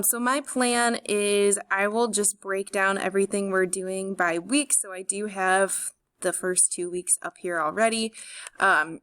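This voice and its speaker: A young woman in her twenties, from St. Louis, giving a recorded course overview as a high school chemistry teacher in a friendly, organized way with frequent ums. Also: a bit bright. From St. Louis, USA.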